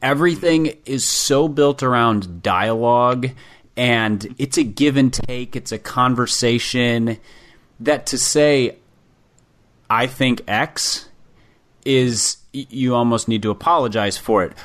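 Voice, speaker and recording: A man's voice: medium pitch, takes it slowly, fairly bright tone. A man co-hosting a podcast, explaining his theories in firm, definitive statements during casual discussion. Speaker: podcast co-host.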